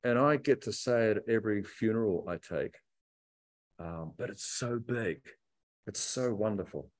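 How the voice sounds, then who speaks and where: A man preaching a sermon to a church congregation, reflective and emphatic, stretching key phrases out slowly. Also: fairly low pitch. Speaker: pastor.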